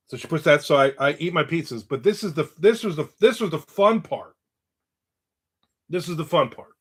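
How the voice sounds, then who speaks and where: A man's voice: on the high side, moderate pace, a bit bright, breathy edge. A middle-aged man casually telling a story about his day, acting out the voices of the people in it. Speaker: vlogger telling an anecdote.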